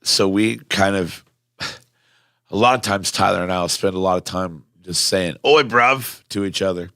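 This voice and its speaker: A man with a very low, deep voice hosts a relaxed podcast, teasing friends and joking as he reads comments aloud. His voice is close and dry on the mic, with no room sound around it. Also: normal speed, dry recording. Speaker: podcast host reading viewer comments. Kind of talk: casual podcast chat.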